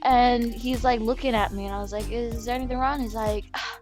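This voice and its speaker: A young woman with a high, bright-pitched voice launches into an animated rant, swearing freely as she tells her story. Faint music hums underneath her casual podcast chat. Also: a little fast. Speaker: podcast panel member.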